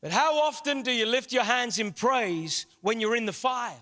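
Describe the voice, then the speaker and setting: A man preaching a sermon in a large church hall, impassioned, with rising shouts. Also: very high voice, normal speed. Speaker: guest pastor.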